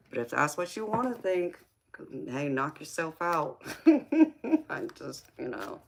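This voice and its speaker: With a deep, creaky, fairly bright voice, this middle-aged Californian woman speaks slowly but animatedly, pausing often in her Southern accent. As a tarot reader hosting a livestream, she reads comments, laughs a lot, and calls viewers honey and sweetheart, over slight background noise.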